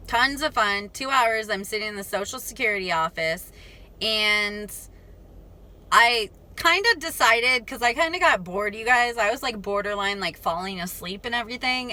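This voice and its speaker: A young adult woman vlogger tells a casual storytime to her viewers, calling them "you guys" and laughing often. Her mid-range voice sounds pushed and bright, and she speaks in a chatty way straight to the camera.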